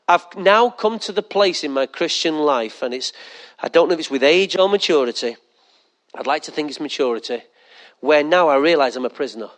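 In a high, bright register, a male pastor preaches animatedly, firing rhetorical questions at the church and slipping into quick acted-out asides.

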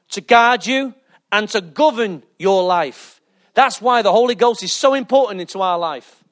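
A male pastor preaching a lively sermon, calling out to the congregation for responses. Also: high-pitched. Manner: exuberant, calls for responses with "Amen".

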